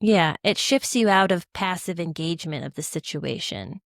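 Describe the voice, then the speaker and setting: Animated woman podcast guest, dry sound. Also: lowish voice, moderate pace, dry recording. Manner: animated, expressive storyteller. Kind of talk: casual conversational chat.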